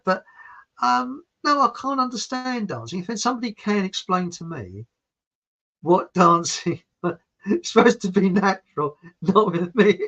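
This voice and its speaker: A high-pitched man with a fairly bright tone hosts an online show, chuckling his way through rambling, self-mocking anecdotes. The recording has a dull, lo-fi quality.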